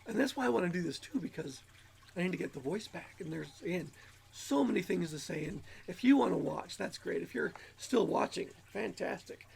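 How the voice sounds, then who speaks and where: A man's voice: high voice, expressive, fairly quick, gravelly, a little mellow, a little hiss or hum. A man hosting his channel in a rambling self-help monologue, sounding a little nasal from allergies. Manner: rambling, musing, repeats words. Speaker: channel host.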